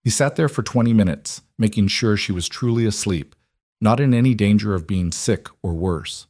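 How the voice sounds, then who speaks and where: A man reading a scripted story in an even, measured way. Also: on the low side, dry recording, studio quality. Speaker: narrator. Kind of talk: scripted narration.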